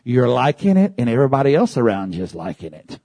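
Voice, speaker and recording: A man preaching a sermon, moving from calm teaching to loud, high-pitched shouting. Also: fast talker, dry recording.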